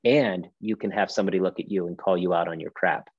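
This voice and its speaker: Brief: male pastor guest, low voice, emphatic preaching cadence, dull lo-fi sound. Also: fairly even intonation, quick pace, breathy edge, dry recording. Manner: emphatic, preacherly, rhetorical questions. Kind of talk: podcast conversation.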